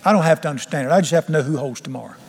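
A pastor with a voice on the high side preaches very fast, delivering a folksy, fervent sermon laced with humor. The sanctuary recording has long church reverb and faint music behind him.

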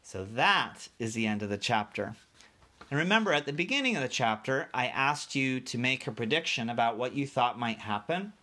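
A man reading a children's book chapter aloud like a teacher, animated and speaking directly to young listeners. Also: mid-range voice, moderate pace.

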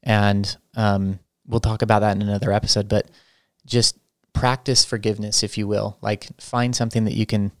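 A man hosting a spiritual podcast, talking in a soft, reflective way with many restarts. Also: on the low side, flat delivery, moderate pace, no room sound, studio quality. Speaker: podcast host. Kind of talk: spiritual teaching talk.

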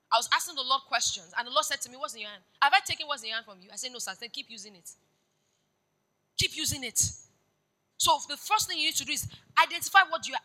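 Her voice sits a little high as this woman pastor preaches, swinging between hushed narration and forceful, pressing calls to action. The recording is rough.

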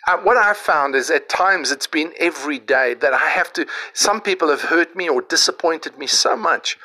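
Bright-voiced man preaching. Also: a little high, expressive, moderate pace, low-quality recording. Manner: conversational, retelling a parable with many restarts. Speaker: podcast host and preacher. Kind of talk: informal devotional podcast message. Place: outdoors on a riverside property.

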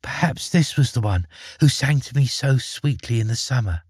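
A man voicing Thumbelina, a tiny, gentle young girl in a read-aloud storybook, speaking in a soft, tender way. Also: medium pitch, expressive, moderate pace, slightly rough, no echo, clean studio sound.

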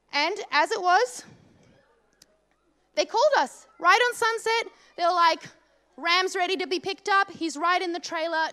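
High, bright-voiced woman telling a comic story. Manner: animated, comic, lots of fillers like "like". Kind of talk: casual personal anecdote.

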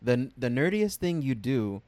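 A man's voice: medium pitch, sing-song, normal speed, darkish tone. A man trades jokes with two friends on a casual podcast, laughing often and breaking off mid-sentence to restart. The sound is dry, with no room echo. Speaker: podcast co-host. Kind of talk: casual chat.

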